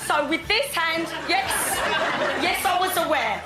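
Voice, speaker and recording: An actress playing a flustered TV hostess in a sketch comedy, giggly and panicky. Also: female voice, very high voice, expressive, a little slow, over a noisy crowd, very noisy. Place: live studio before an audience. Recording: roomy hall with loud audience laughter.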